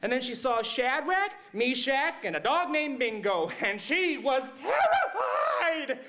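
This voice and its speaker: A man playing a mixed-up, excitable storyteller who retells Bible stories to kids, rambling and checking in with "right?" and "okay?". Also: very high-pitched, takes it slowly, heavily acted. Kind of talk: comic Bible story monologue.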